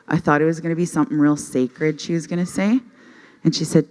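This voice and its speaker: Low-voiced woman doing stand-up. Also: fairly even intonation, fairly quick, a little mellow. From Canada. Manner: self-deprecating, laughs often at her own jokes. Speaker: stand-up comedian. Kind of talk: stand-up comedy storytelling. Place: stage at a youth conference, before a live audience. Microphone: handheld microphone.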